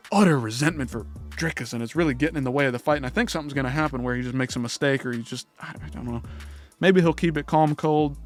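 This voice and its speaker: A young man hosting a commentary channel, ranting in a blunt, heated, profane way. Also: mid-range voice.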